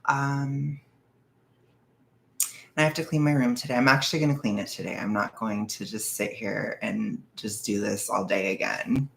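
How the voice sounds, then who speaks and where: A nervous young man talks in a loose, rambling confessional, his voice gravelly with fry. He keeps circling his point and drops into hushed asides now and then. The room around him is echoey and hollow. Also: on the low side, steady tone, moderate pace, slight background noise. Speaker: vlogger. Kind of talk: casual confessional chat.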